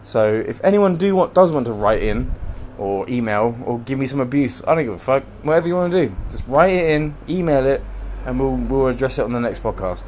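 A man's voice: medium pitch, animated, brisk, darkish tone, a little hiss or hum. Profane, rambling man ranting. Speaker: podcast host. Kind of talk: solo podcast rant. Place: room at home.

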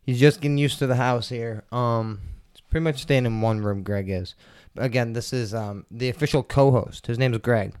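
A stoned man hosts his podcast from a table at home, talking in a loose, rambling, foul-mouthed way. His mid-pitched voice comes through smooth and resonant, close and dry with no room sound around it. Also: normal speed, few pauses, a little mellow, dry recording. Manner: rambling, profane, laid-back. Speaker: podcast host. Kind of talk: casual solo podcast chat. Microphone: table mics.

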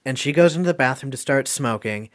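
Guy hosting a chatty podcast, animated, cussing and laughing. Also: mid-range voice, fast. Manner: animated, swears, laughs often. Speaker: podcast host. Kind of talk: casual podcast chat.

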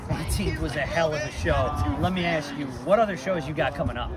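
A man interviewing a performer outdoors after a show, in a loud hype-man patter. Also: on the high side, brisk, crowd noise. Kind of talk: hyped mock-announcer interview.

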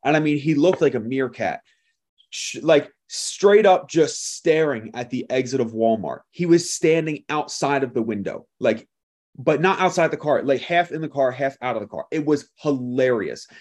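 A male pastor preaching a sermon, telling a lively story and acting out the people in it with laughter. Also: medium pitch, normal speed.

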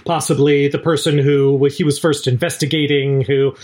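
A man's voice: mid-range voice, little pitch movement, moderate pace, a little mellow. A man co-hosting a podcast, casually explaining film history with many hesitations. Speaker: podcast co-host. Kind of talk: casual chat.

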